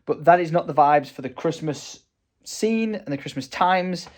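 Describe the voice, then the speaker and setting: A man's voice: fairly high pitch, animated, moderate pace. A young man with a Northern English accent chatting playfully in a vlog, laughing often. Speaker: vlogger. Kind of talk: casual vlog chat.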